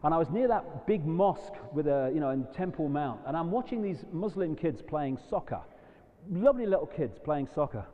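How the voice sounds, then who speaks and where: A man's voice: a little high, animated, normal speed. A man giving a rambling, impassioned live lecture to an audience. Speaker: public speaker. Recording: dull lo-fi recording in a long-reverb hall.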